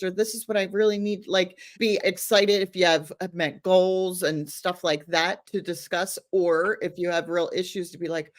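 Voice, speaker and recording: A woman's voice: lowish voice, normal speed, hardly any pauses. A middle-aged woman chatting on a podcast as co-host, a mother who laughs often and gives firm advice. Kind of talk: casual podcast chat.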